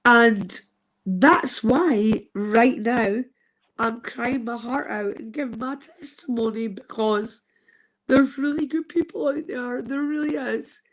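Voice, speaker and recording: A woman's voice: fairly high pitch, takes it slowly. A woman in her fifties gives an earnest, heartfelt testimony on a live stream, swearing casually as she talks. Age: 50s. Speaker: guest sharing a personal testimony.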